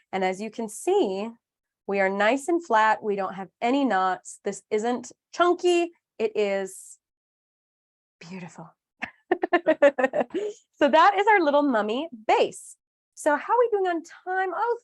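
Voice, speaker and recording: A woman in her thirties leads a live online craft lesson, chatty and upbeat. She explains each step with playful asides and a friendly, conversational pace. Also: on the high side. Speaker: craft class instructor.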